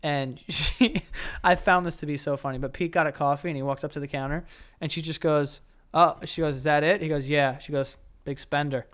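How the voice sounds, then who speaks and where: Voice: mid-range voice, steady tone, fairly quick, fairly bright tone. A co-host on a podcast, joking and laughing through casual banter. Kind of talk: casual chat.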